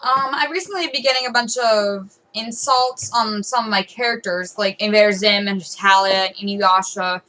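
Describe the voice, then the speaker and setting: A woman's voice: medium pitch, fairly even intonation, normal speed, hardly any pauses, sharp tone, rough recording. A teenage girl ranting to camera in a rambling, aggrieved way, full of "um"s, "like"s and restarts. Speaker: vlogger.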